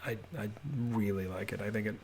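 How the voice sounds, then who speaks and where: A man giving a relaxed, rambling voiceover house tour from his home office, with many fillers and restarts. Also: lowish voice, brisk, gravelly. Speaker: homebuilding vlogger.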